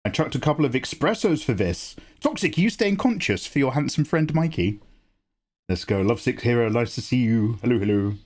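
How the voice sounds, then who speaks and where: A man hosts a drawing livestream, reading out chat and bantering. His pitch swings widely as he jokes, and he swears without a second thought. His voice sits in an ordinary middle register. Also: sing-song, brisk, darkish tone. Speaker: livestream host. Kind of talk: casual chat while drawing.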